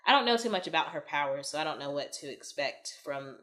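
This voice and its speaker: A woman's voice: deep voice, expressive, fairly quick, a bit bright. A woman giving a casual, emotional spoiler review of a movie, sighing and exclaiming as she talks.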